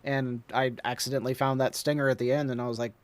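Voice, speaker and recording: A man co-hosting a casual critical discussion, chatty and quick to laugh. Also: medium pitch, level tone. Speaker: podcast co-host.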